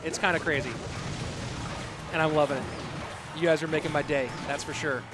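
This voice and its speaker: A man casting an online game tournament live, calling plays in a chatty, excitable way and thanking viewers from the chat by name. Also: fairly high pitch, a little fast. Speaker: esports caster and streamer. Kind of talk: live game commentary mixed with chat reading. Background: background music.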